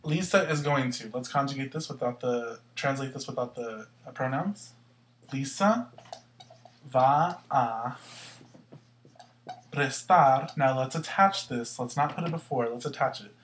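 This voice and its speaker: A man teaching a language lesson step by step, asking questions and answering them himself and slowly sounding out words to show where the stress falls. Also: mid-range voice, a little hiss or hum. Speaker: Spanish teacher. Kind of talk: explaining grammar step by step.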